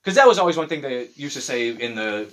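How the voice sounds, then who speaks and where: A man in casual chat who tells profane, animated stories and mimics other people in mocking voices. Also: mid-range voice, fast talker.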